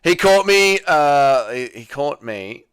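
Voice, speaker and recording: A man's voice: on the high side, sing-song, slow, a bit bright, smooth. A young man hosting a casual livestream, reading viewer messages aloud and answering them with crude, joking banter. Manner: crude, joking, swears a lot. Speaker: livestream host.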